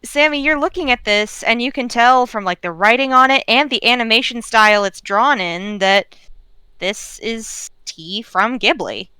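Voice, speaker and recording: Bright, clear-voiced woman player. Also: fairly high pitch, normal speed, hardly any pauses, dry recording. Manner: relaxed, chatty, with fillers. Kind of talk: tabletop role-play narration.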